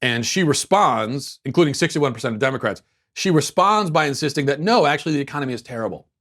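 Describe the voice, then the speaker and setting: A man hosts a political commentary show in a loose, off-the-cuff style. His delivery is sarcastic and mocking, and he often restarts his sentences. His voice sits at a medium pitch. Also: expressive, quick pace, a bit bright. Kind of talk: casual commentary.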